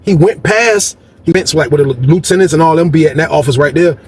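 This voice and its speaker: A man telling a story from prison life in a casual, animated way, acting out what people said with sudden jumps in voice. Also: fast, slight background noise. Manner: animated, acts out quotes with big pitch jumps.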